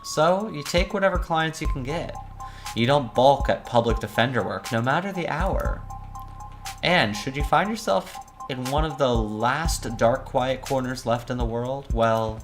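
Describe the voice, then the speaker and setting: A woman's voice: extremely low pitch, unhurried, over music, voice pushed up. Woman reading as a weary noir defense attorney. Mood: brooding. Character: weary cynical criminal defense attorney narrator. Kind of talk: visual novel read-aloud.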